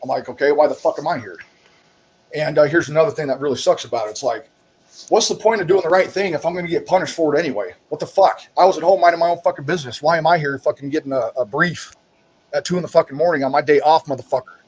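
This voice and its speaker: A man, a military veteran and podcast co-host, telling army stories in casual chat, swearing constantly and loudly mimicking officers. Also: a little high, rapid-fire, slightly rough, poor audio. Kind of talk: casual profane storytelling.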